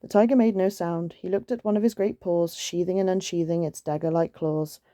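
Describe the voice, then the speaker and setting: A woman reading a picture book aloud in a gentle, soothing way, with chatty asides. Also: fairly low pitch, fairly even intonation, a little fast, dry recording, studio quality. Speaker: storytime reader.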